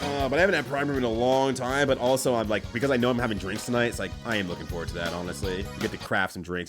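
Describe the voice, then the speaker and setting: A man's voice: medium pitch, fairly even intonation, racing, few pauses, music in the background. A young man streaming a racing game, chatting casually with viewers, swearing freely and laughing often.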